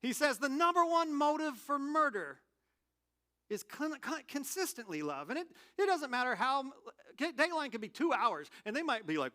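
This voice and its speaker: A man preaching a sermon in a candid, animated, conversational way, telling personal stories. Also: very high-pitched, moderate pace. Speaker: pastor.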